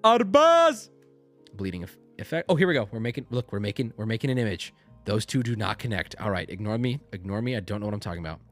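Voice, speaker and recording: A man's voice: fairly low pitch, racing, soft background music. A man in his thirties streaming a card-pack opening, joking and reading card text aloud in goofy voices. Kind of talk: casual stream chat.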